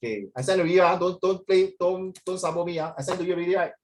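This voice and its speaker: Animated Singaporean male teacher. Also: sits high, fast talker. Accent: Singaporean English. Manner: animated, mixes English and Mandarin, coaxing and emotional. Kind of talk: classroom teaching. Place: classroom.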